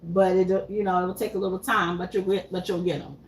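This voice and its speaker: A woman's voice: fairly low pitch, little pitch movement, a little fast, a little hiss or hum. A woman co-hosting a couples channel, talking in a reassuring, encouraging way. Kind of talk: casual personal talk.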